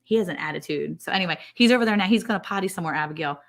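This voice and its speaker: Lowish-voiced woman, rambling ranch-stream co-host in casual chat. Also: very fast, creaky. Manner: chatty, rambling storyteller.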